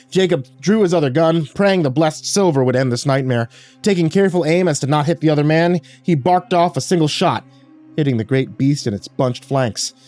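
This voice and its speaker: A man's voice: fairly high pitch, darkish tone. A man reading a horror story aloud in a dramatic storytelling manner. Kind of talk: scripted horror narration.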